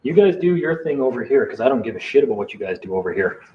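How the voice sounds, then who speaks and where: Man, mid-pitch, heated and defiant in casual late-night chat, dull lo-fi audio with faint hiss. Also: big pitch swings, fast talker. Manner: heated, defiant storytelling with swearing. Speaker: live stream participant. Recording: dull lo-fi sound with faint noise.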